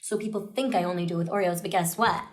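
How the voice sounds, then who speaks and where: A woman guest, an actress and comedian, chatting on a comedy podcast with deadpan, mock-aggrieved rants. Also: fairly low pitch, fast. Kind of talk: casual comedic chat.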